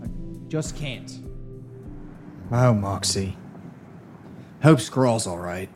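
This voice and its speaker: A man voicing a brooding male ship captain who mutters slowly and mournfully. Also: fairly low pitch, lively intonation. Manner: slow, mournful, muttering grumbles. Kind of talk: audio drama acting. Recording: music score playing underneath.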